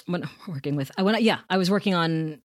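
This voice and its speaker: A middle-aged woman author and actor, guesting on a podcast, telling relaxed stories and laughing between them. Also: on the low side, fast talker, dry recording, studio quality. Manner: relaxed storytelling, trailing off and laughing. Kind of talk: casual interview chat.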